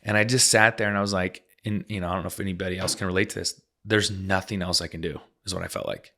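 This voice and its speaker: A man with a fairly low voice and a bright, forward edge tells his own story in a relaxed interview. He acts out the people he quotes and peppers his talk with casual fillers. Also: quick pace. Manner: animated, acts out quoted dialogue, many "like" fillers. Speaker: podcast guest, missionary. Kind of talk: personal storytelling in a conversational interview.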